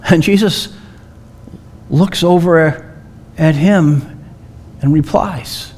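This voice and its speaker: A man delivers a sermon in a slightly raised voice. He tells the story at a slow, deliberate pace, leaning on long, dramatic pauses. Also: a little high, darkish tone. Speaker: preacher.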